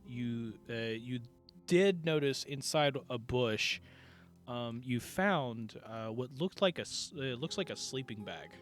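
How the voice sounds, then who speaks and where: Lively-voiced man running a tabletop game. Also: medium pitch. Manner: hesitant, filler-heavy narration. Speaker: game master. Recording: dull lo-fi sound with music behind.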